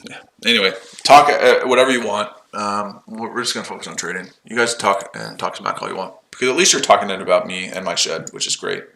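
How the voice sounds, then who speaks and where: Combative trading streamer, lowish forceful voice, mocking and sweary toward chat. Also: male voice, animated, quick pace, vocal fry, low-quality recording. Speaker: day-trading livestream host. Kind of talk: live-stream chat answering viewers. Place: his shed.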